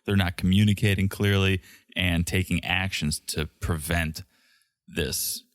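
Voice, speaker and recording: A deep-voiced man co-hosting a casual podcast. He recaps a reality show with dry, sarcastic remarks. The recording is close and dry. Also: fairly even intonation, measured pace, a bit bright, dry recording. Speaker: podcast co-host.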